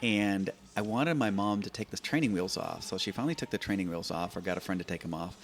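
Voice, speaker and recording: Deep voiced guy, 50s, chatty guest, lots of i'm i'm i'm restarts. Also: fast talker, slight background noise. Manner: animated, repeats words and restarts while thinking. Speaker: podcast guest. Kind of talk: conversational storytelling. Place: open-air bike and coffee shop in a garage.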